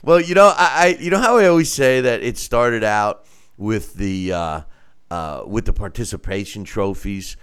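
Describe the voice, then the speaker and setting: A middle-aged man hosting a casual talk show, animated and quick to act out other people's voices. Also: smooth. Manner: animated, acts out quoted voices in mock falsetto.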